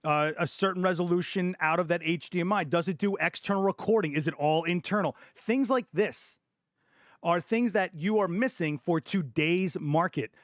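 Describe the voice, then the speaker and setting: A middle-aged man hosting a live photography Q&A stream, talking passionately and emphatically, repeating words for stress, his voice going a bit hoarse. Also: high-pitched, moderate pace, no room sound, studio quality. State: voice getting hoarse. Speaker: photography channel host. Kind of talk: live Q&A stream, opinion rant.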